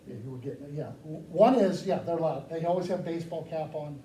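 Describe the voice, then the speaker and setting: Brief: high, mellow-toned man working a room, joking and quizzing the audience; echoey hall, distant mic. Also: fast talker. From United States. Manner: animated, joking, asks the crowd questions. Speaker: speaker addressing a live audience. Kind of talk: lively talk with audience questions. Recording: echoey room, mic far off, faint noise.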